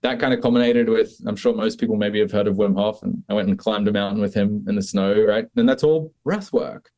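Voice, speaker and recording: A man's voice: fairly low pitch, a little fast. A man with an Australian accent, talking casually as a podcast guest about his work. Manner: relaxed, conversational, many "like" and "kind of". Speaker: podcast guest, breathwork coach. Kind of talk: casual interview talk.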